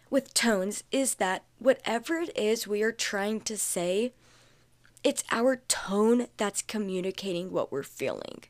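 A young adult woman hosting a casual solo podcast, chatty and full of fillers, repeating her points for emphasis. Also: medium pitch. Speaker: podcast host.

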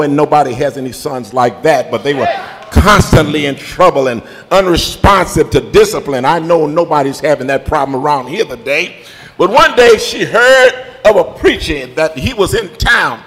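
High, bright-voiced preacher shouting in a church. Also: male voice, expressive, moderate pace. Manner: builds to shouted call-and-response preaching. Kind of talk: sermon with storytelling. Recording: reverberant church hall with faint music.

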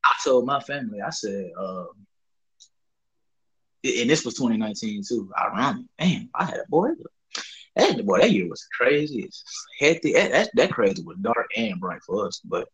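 A young man from the Southern US with a husky, slightly breathy voice, rambling through a story with lots of fillers and cussing. He keeps a casual, laid-back tone. His pitch sits in a middle range. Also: sing-song, normal speed, a bit bright, rough recording. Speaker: podcast co-host.

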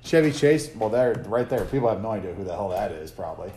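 A man's voice: on the low side, lively intonation, fast, loud music behind the voice. Guy running a boozy trivia game, swears a lot, laughs all the time, voice bouncing up and down, roomy echo. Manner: joking, swears freely, laughs often. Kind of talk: casual drinking-game chat. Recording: roomy room with faint noise.

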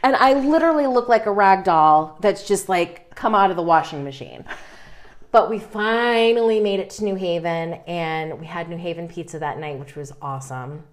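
A woman co-hosting a podcast, telling a story with lively, comic energy. She swears without a second thought and laughs through her words. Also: fairly low pitch, normal speed. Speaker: podcast co-host.

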